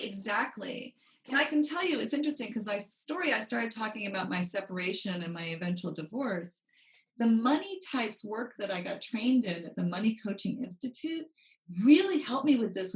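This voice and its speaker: A woman money coach, interviewed on a podcast, tells a story with energy and acts out quoted lines. Her mid-range voice is animated and moderately paced, and the audio is roomy, distant from the mic.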